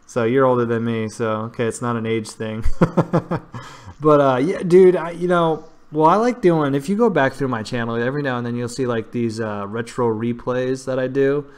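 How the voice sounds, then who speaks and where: A man's voice: mid-range voice, normal speed, a little mellow, clear, resonant tone. A man hosting a casual chat show, talking in a loose, slangy way and calling his co-host dude. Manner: chatty, slangy, says dude a lot. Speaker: podcast host.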